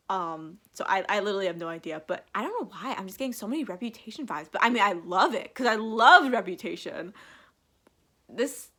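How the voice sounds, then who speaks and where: A woman's voice: fairly low pitch, sharp tone. Gushing young woman, teary and giggly. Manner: gushing, filler-heavy, emotional, breaks into laughs. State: teary, on the edge of crying. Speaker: vlogger reacting to an album. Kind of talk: casual live reaction.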